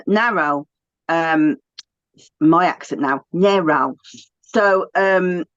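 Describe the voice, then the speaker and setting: A woman's voice: fairly low pitch, no room sound, highs cut off. A woman with a British accent, co-hosting a casual chat in a chatty, enthusiastic way. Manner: chatty, enthusiastic, self-talking asides. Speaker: podcast co-host.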